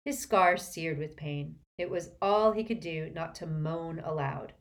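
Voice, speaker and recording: A woman narrating a storybook in an expressive reading style. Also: deep voice, unhurried. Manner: expressive, shifts voices for characters. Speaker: audiobook narrator.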